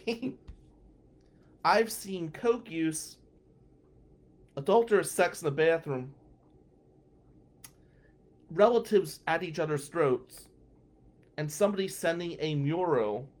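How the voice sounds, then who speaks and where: Animated man telling a story. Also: on the high side. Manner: animated, swings from hushed asides to loud outbursts. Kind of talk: first-person anecdote.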